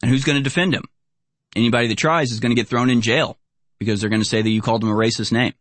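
A man's voice: medium pitch, steady tone, rapid-fire, fairly bright tone, no room sound. A man hosting online commentary over video clips, talking in a sarcastic, indignant rant. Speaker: political commentary host.

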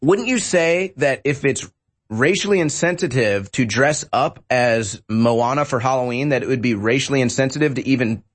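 A man's voice: mid-range voice, normal speed. A young man co-hosting a political talk show, joking and sarcastic, sometimes breaking into mock-shocked voices. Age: young adult. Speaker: co-host.

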